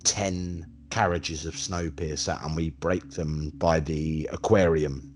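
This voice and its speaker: A man with a deep, low voice talks through a TV finale with his co-host. He recaps the plot in an easy, casual way, tripping over his words and slipping into quick little quoted lines for the characters. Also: fairly even intonation. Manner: retells scenes with quick acted quotes, stumbling restarts. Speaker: podcast co-host.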